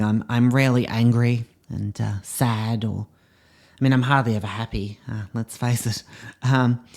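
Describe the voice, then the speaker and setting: A man playing a pompous drama teacher, rambling with fillers in a comedy monologue. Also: mid-range voice. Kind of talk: comedy podcast character monologue.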